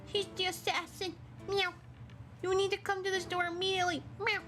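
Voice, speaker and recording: A woman voicing a small male cat who meows and urgently warns about a killer, in a high squeaky voice. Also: flat delivery, a little fast, fairly bright tone, faint music behind. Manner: squeaky, insistent, breaks into meows.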